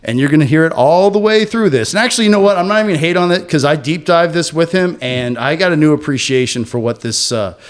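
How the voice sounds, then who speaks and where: A man's voice: fairly high pitch, quick pace, few pauses. Joking man hosting a podcast. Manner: joking, theatrical. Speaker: podcast host. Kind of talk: casual movie discussion.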